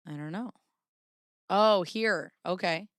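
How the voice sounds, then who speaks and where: Woman host rambling thru handwriting samples, kinda low voice, clean dry sound. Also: slow, no echo. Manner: rambling, self-interrupting, apologetic asides. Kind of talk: casual commentary.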